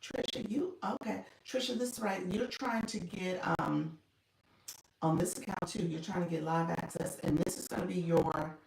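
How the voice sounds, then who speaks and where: A woman's voice: lowish voice, normal speed, gravelly, a little mellow, a little hiss or hum. A woman coaching on a casual livestream, thanking viewers by name and laughing often. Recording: echoey room, mic at a distance.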